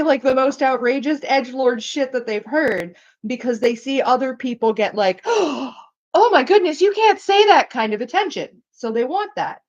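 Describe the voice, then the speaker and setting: A woman rambles through casual stream chat, swearing freely and scattering "like" through her talk. Her voice sits a little high. The stream audio is dull and lo-fi. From Canada. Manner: profane, rambling, fillers of "like".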